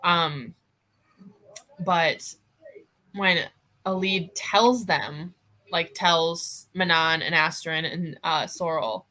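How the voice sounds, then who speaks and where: A woman's voice: lowish voice, extremely slow, pauses often, sharp tone. A young woman hosting a casual book discussion, recapping the plot in a chatty way. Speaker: host.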